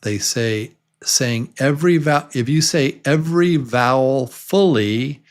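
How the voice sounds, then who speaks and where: A man teaching English pronunciation to beginners. He repeats each word slowly and clearly and talks straight to the learners to encourage them. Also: medium pitch. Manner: drills words slowly, repeating them many times. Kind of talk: slow, repetitive pronunciation lesson.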